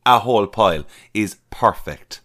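A man's voice: lowish voice, lively intonation, normal speed, a bit bright. A man with an Irish accent, co-hosting a games podcast in casual chat. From Ireland. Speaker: podcast co-host.

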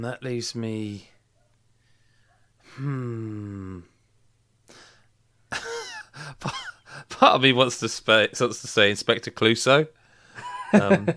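A man's voice: medium pitch, bright, forceful tone, no echo. A man hosting a podcast, reading out questions and joking with friends, often laughing. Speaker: podcast host. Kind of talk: casual podcast banter.

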